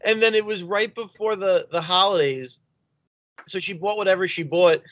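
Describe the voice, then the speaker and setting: A man's voice: high voice, moderate pace, a bit bright, no room sound, muffled recording. A man co-hosting a podcast, telling a casual anecdote with easy laughs. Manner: easygoing anecdote teller, laughs at his own stories. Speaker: podcast co-host.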